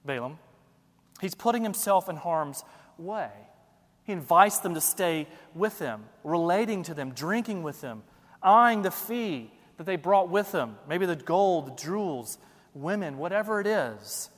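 A man's voice: high voice, expressive, unhurried, fairly bright tone, big-room sound. A man preaching a sermon, building emphasis and asking rhetorical questions. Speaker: pastor.

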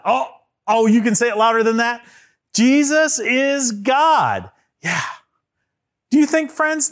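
A man telling a Bible story to children, animated and getting them to act parts out and answer questions. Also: high voice. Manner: animated, asks kids to join in with actions.

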